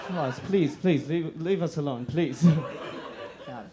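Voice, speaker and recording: High-voiced young man doing stand-up. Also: takes it slowly, crowd noise. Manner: animated, laughing between jokes. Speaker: comedian. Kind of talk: stand-up comedy. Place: live comedy room with an audience.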